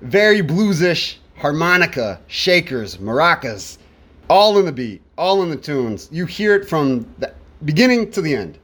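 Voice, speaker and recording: A man's voice: on the high side, big pitch swings, unhurried, a bit bright. A man casually talking through an album track by track, repeating words for emphasis. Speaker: music reviewer. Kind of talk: casual spoken album review.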